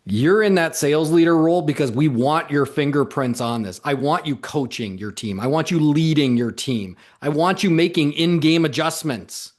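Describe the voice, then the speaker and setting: A man's voice: a little high, expressive, normal speed, hardly any pauses. A man giving a direct, emphatic coaching talk as a sales coach, speaking straight to his listeners. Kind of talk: motivational talk to camera.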